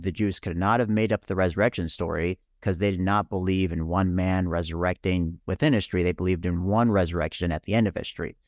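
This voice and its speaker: A man co-hosting a Bible-teaching podcast, reasoning through his argument in a measured way. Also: low-pitched, no room sound, studio quality. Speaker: podcast co-host.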